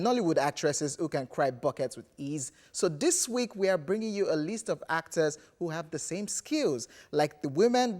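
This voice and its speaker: A Nigerian man co-hosting a TV entertainment show, presenting countdown segments and joking with an expressive delivery. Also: on the high side. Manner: expressive, animated, playful. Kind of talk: presenting and studio banter.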